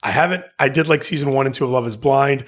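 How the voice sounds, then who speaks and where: A man hosting a casual podcast chat, speaking in a hesitant, halting way with many fillers and restarts. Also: medium pitch.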